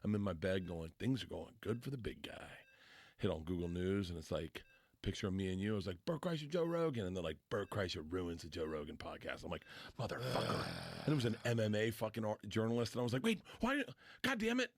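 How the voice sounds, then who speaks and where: A middle-aged man, a guest on a podcast, telling stories in an animated, self-deprecating way, with heavy swearing and acted-out voices. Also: sits low, fast talker. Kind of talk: casual storytelling.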